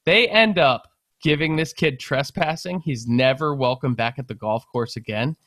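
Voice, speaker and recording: Animated young man telling a story. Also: medium pitch, normal speed, no room sound. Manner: animated, swearing, laughing storyteller. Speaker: podcast co-host. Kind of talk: casual storytelling chat.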